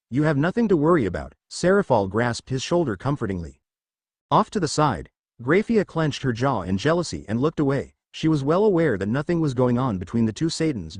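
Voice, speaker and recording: A man reading a fan fiction story aloud in a steady scripted narration. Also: mid-range voice, breathy edge, no room sound.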